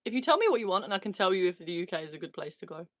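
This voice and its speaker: A woman's voice: lowish voice, sing-song, rapid-fire, fairly bright tone, dry recording, studio quality. A woman in her thirties hosting a casual live chat from a small converted shed, reading viewer comments aloud and laughing often. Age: 30s. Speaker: livestream host.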